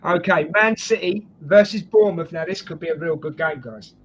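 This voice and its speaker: A man's voice: a little high, normal speed, a bit bright, soft background music. A man hosting a casual football preview chat, joking and calling his guests mate. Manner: jokey, chatty, addresses guests as mate. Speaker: host.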